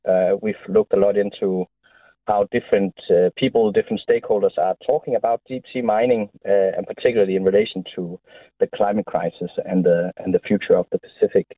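A man, a university researcher, interviewed and speaking hesitantly with many pauses. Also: fairly low pitch, steady tone, no room sound. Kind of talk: interview on a phone line. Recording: tinny phone line.

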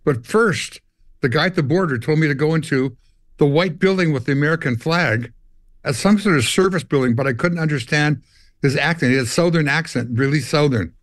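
Older Canadian musician, guest storyteller, slightly high voice, dry close sound. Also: male voice, fairly quick, dry recording. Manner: animated storyteller, acts out dialogue and hums riffs. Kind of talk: storytelling interview.

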